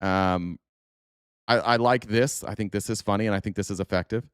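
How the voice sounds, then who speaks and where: A man's voice: lowish voice, fairly even intonation, normal speed, fairly bright tone, clear, resonant tone, dry recording, clean studio sound. A man hosting a live stream, reacting to political clips with sarcastic, profane commentary.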